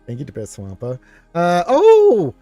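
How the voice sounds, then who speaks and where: A man's voice: high voice, wildly swooping pitch, measured pace, dark tone, no room sound, soft background music. Rambling streamer man, dry sound. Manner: rambling, reads chat aloud, playful asides. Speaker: livestream host. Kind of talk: casual live-stream chat.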